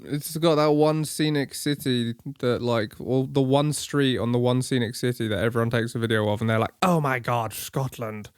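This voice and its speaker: A man's voice: mid-range voice, steady tone, moderate pace, hardly any pauses, darkish tone, clean tone, no room sound, clean studio sound. An Englishman co-hosting a podcast, chatting casually in a crude, joking, rambling way. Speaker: podcast co-host. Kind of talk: casual chat.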